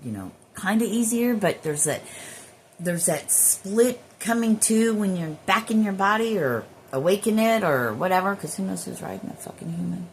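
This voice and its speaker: A woman's voice: mid-range voice, lively intonation, normal speed, a little hiss or hum. A woman who works as a spiritual healer, rambling in a casual spiritual monologue with drifting, profane asides.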